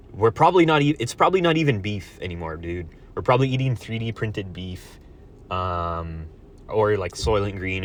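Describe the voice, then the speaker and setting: A young man with a lowish voice rants at his audience in a foul-mouthed monologue, swearing constantly. He swings from sarcastic shouting to low mutters. A faint hiss of noise sits underneath. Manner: angry, sarcastic, swears constantly, jumps between loud outbursts and mutters. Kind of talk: profane ranting monologue.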